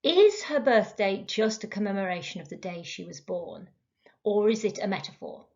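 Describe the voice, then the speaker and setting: A woman's voice: medium pitch, expressive, normal speed, a little mellow. A woman teaching a recorded literature lesson, explaining step by step with frequent ums and uhs. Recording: dull lo-fi recording.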